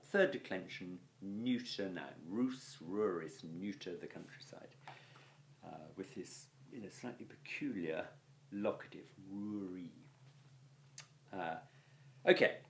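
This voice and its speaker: English guy teaching latin, lowish voice that goes up and down a lot, patient, keeps saying okay. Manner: patient, explanatory, often says "okay". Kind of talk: walking through textbook exercises.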